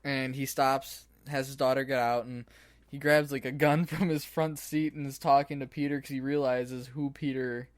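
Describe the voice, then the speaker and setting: A man's voice: mid-range voice, flat delivery, normal speed, no echo. Laid-back man, dry close sound. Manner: laid-back, filler-heavy retelling with self-corrections. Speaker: podcast co-host. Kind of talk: casual movie review chat.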